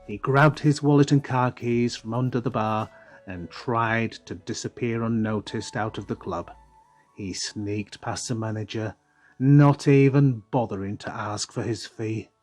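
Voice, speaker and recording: Slow, measured male audiobook narrator. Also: fairly low pitch, a little mellow, soft background music. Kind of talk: scripted narration.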